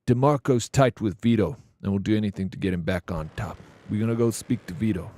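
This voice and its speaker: Low-voiced chatty male game streamer. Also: a little fast, mellow. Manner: chatty, rambling, talks to chat by name, says "bro". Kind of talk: casual live-stream commentary.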